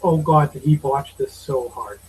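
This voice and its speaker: A man's voice: on the high side, unhurried, a little hiss or hum, rough recording. A man in his thirties co-hosting a podcast, giving opinionated, exasperated movie commentary. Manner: opinionated, exasperated, swears casually. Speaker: podcast co-host. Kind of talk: casual movie review chat.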